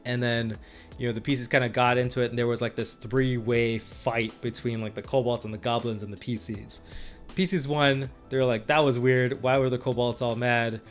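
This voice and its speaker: A man's voice: mid-range voice, steady tone, normal speed, faint music behind. A man co-hosting a podcast and retelling his tabletop game sessions as game master, rambling with frequent restarts and laughs. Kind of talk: casual chat.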